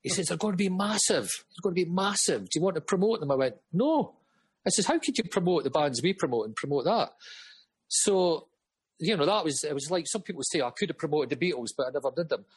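A man's voice: on the high side, animated, fast, breathy edge. A middle-aged man, a music promoter guest, telling rambling stories with frequent laughs. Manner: rambling, chatty, laughs often. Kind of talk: casual storytelling.

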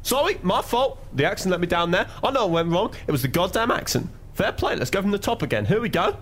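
A man playing a deadpan comedian fumbling his lines at a read-through. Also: high-pitched, fast talker, soft background music. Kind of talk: comedy sketch.

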